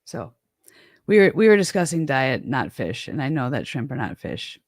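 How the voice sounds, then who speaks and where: A woman's voice: very deep voice, very animated, normal speed, no room sound, clean studio sound. Rambling Midwestern woman chatting. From American Midwest. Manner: rambling, self-deprecating, with frequent restarts and laughs. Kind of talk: casual chat.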